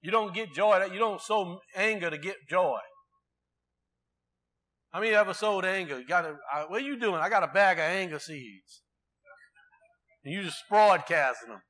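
A man's voice: high voice, big pitch swings, moderate pace, long pauses, pushed and bright. A man preaching a sermon in a conversational way, asking the congregation rhetorical questions.

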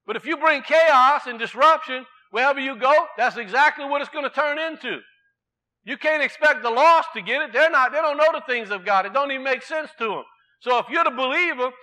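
A man with a very high voice delivers a folksy sermon, swinging from emphatic declarations to quiet storytelling.

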